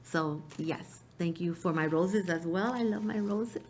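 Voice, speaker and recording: A woman guest on a talk show, speaking in a heartfelt, emotional way with frequent laughter. Her voice sits very low for a woman, and a faint room ambience hums behind her. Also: unhurried, darkish tone, slight background noise.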